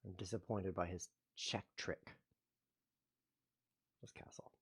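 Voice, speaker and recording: A man hosting his own show, commentating his chess games with playful mock-outrage, muttering one moment and loudly protesting the next. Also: sits low, fairly even intonation, slow, husky. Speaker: host. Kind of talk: live chess game commentary.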